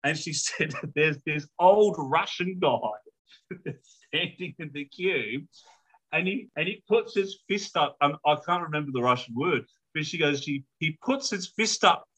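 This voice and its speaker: An Australian man hosts a podcast, telling a story in casual, animated chat. His voice sits high, with a bright, forceful tone. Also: unhurried, rough recording. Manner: animated, swearing, laughing while telling stories. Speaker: podcast host.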